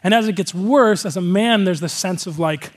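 A man's voice: sits high, normal speed. A male pastor giving a casual, conversational sermon, earnest and rambling, with a lot of filler words.

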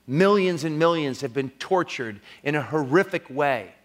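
A man's voice: on the high side, animated, moderate pace. Earnest preaching pastor, man. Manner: earnest, swings from soaring emphasis to hushed storytelling. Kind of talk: sermon.

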